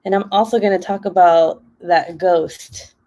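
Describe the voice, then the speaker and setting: A woman's voice: fairly low pitch, steady tone, a little slow, dark tone. A woman hosting a casual craft livestream, chatty and laughing often.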